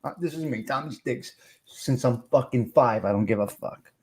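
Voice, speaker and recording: A man's voice: mid-range voice, moderate pace, darkish tone, slight background noise. A man hosting a casual live stream, rambling and swearing as he talks to viewers in the comments.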